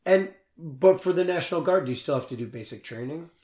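A man's voice: fairly high pitch, lively intonation, brisk, mellow. A man interviewing a guest in a casual chat, asking dry, probing questions. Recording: roomy echo.

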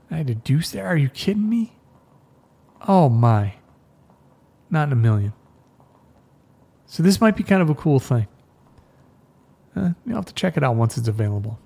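Rambling casual male podcast host. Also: medium pitch. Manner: rambling, swears, laughs at himself. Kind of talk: casual chat.

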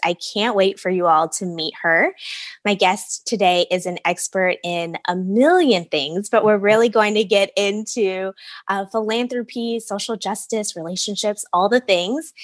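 A woman's voice: medium pitch, no room sound. A woman hosting a podcast interview, upbeat and enthusiastic as she introduces and questions her guest. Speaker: podcast host.

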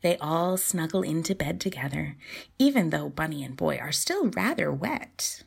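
Soft-spoken, breathy woman storyteller. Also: low-pitched, animated, moderate pace. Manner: soft, often whispered reading. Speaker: podcast host and storyteller. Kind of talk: storybook narration.

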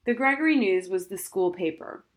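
A woman narrating a children's novel as an audiobook in a steady, expressive reading voice. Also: medium pitch, moderate pace. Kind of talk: scripted narration.

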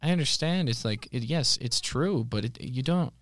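A young man co-hosting a faith podcast, talking in an earnest, reflective way with frequent pauses and restarts. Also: medium pitch, animated, no echo, studio quality. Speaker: podcast co-host. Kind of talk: casual chat.

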